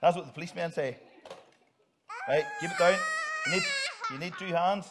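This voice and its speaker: Upbeat jokey man, high voice. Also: fast talker, heavy background noise. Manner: jokey, upbeat, directing volunteers. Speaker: pastor. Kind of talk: children's talk in church.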